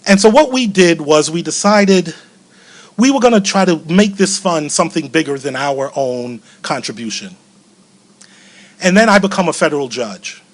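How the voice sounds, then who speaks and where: Animated middle-aged man telling a story. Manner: animated, acts out quoted voices with big pitch swings; slows and softens at emotional moments. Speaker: keynote speaker. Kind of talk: personal storytelling speech.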